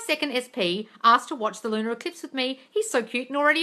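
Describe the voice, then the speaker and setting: Outspoken woman hosting a phone live Q&A; bright, slightly high voice, calls everyone darling. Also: quick pace, hardly any pauses. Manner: blunt, swears freely, calls viewers darling; animated, squeals and laughs at comments. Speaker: livestream host answering viewer questions. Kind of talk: casual live Q&A. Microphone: phone livestream.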